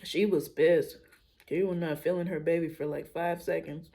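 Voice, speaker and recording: A young adult woman talking candidly in a casual personal vlog, musing out loud with relaxed everyday slang. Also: deep voice, moderate pace, gravelly. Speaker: vlogger.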